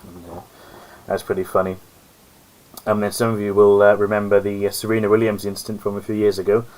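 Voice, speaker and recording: A man's voice: fairly low pitch, flat delivery, fairly quick, a little mellow, low-quality recording. A man hosting a live-stream alone, chatting casually in a rambling, self-mocking way. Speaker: host. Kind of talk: solo live-stream commentary chat.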